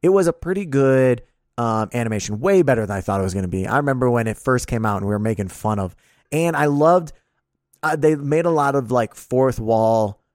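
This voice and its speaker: A man's voice: mid-range voice, expressive, fairly quick, a little mellow, dry recording. Rambling man on a dry mic. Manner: rambling, restarts often, laughs and swears a lot. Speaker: podcast co-host. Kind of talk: casual chat.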